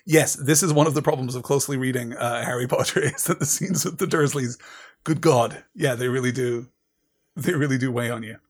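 Husky man leading a literature seminar. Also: mid-range voice, fairly quick. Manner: thoughtful, digressive with restarts. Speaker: seminar leader.

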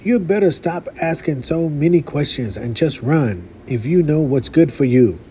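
A man's voice: fairly high pitch, lively intonation, dark tone, slight background noise, lightly acted. A man voicing an old male lion who hurriedly warns others in a storybook reading. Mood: urgent. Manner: hurried and warning.

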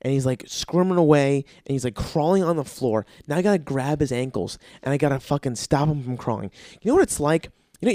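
A man's voice: medium pitch, darkish tone, no echo, clean studio sound. A man hosting a podcast, telling rambling, profane stories in a casual monologue. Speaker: podcast host.

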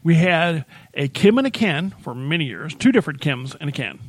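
A man with a somewhat high voice co-hosts a podcast in a loose, rambling chat. His anecdotes spill out casually. The sound is close and dry. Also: expressive, fairly quick, dry recording. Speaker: podcast co-host.

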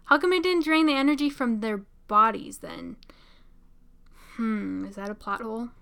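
A young woman casually commenting on a show as she watches, chatty and excitable, often laughing and saying "like". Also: a little high, moderate pace, creaky, smooth. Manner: chatty, giggly, excitable, many "like" fillers. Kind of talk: casual live reaction commentary.

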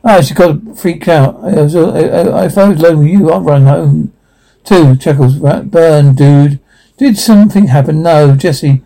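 A man reads out a film's lines and sound captions, doing every character in one unchanging voice. His tone is dark and mellow with a rough, gravelly edge. He sits slightly higher in pitch than most men. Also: fairly even intonation, a little slow, poor audio. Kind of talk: flat reading of film dialogue and sound captions.

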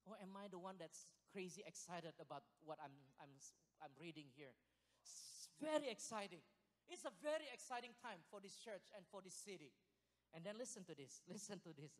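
A man preaching a sermon as pastor, excitable and animated, breaking into loud bursts and laughing, a little out of breath. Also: high voice, normal speed. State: sweating, short of breath at times. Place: church hall. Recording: long hall reverb.

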